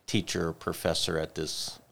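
A man's voice: sits low, level tone, measured pace, gravelly, fairly bright tone, slight background noise. A man co-hosting a church discussion podcast, retelling a story in a thoughtful way and circling back to repeated questions. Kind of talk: reflective faith discussion.

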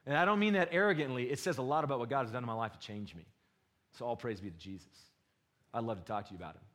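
A man preaching a sermon to his congregation, passionate and full of rhetorical questions, swinging between loud bursts and hushed asides. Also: medium pitch, racing. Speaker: pastor.

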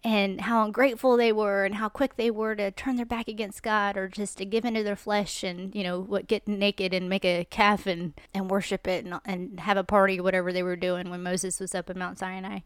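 A woman's voice: mid-range voice, level tone, normal speed, hardly any pauses, clear, resonant tone, dry recording, studio quality. A woman in her forties hosting a podcast, giving an earnest, conversational Bible talk. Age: 40s. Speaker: podcast host. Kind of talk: casual devotional Bible talk.

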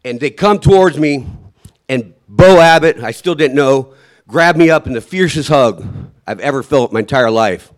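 With a mid-range voice and lively intonation, a man tells his personal survival story, halting and emotional. He frequently trails off and restarts, dramatizing his own shouts along the way.

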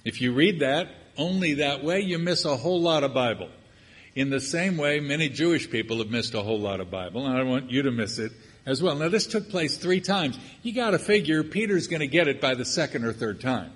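An older male preacher delivers a sermon in a husky, slightly breathy voice, mixing scripture with humorous, chatty asides. His voice carries a long reverb, as in a large sanctuary. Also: medium pitch, lively intonation, brisk.

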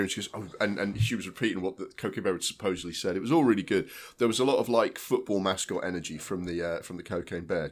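Fast-talking deep-voiced man. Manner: animated storytelling, acts out quotes. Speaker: podcast host. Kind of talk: casual film chat.

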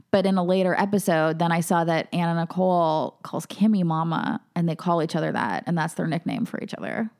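A woman's voice: on the low side, a little fast, hardly any pauses, darkish tone, clean tone. A woman co-hosting a podcast, talking casually with many fillers. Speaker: podcast co-host. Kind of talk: casual chat.

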